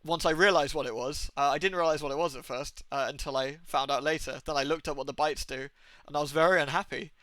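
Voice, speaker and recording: A man's voice: a little high, fast, no echo. A young man with an English accent, a game streamer telling rambling, sweary stories in casual chat. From England. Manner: rambling, sweary, animated storytelling.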